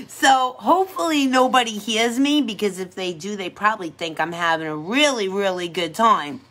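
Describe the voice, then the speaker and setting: A woman's voice: medium pitch, moderate pace, hardly any pauses, fairly bright tone. A woman who works as a pedicure technician, chatting casually on a livestream in a sassy, playful way and laughing often.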